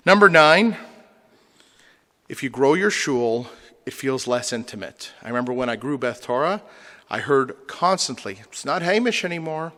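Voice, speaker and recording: A man's voice: mid-range voice, lively intonation, a little slow, bright, forceful tone. A man, a rabbi, lecturing a congregation with humor and rhetorical questions. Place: synagogue hall. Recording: long hall reverb.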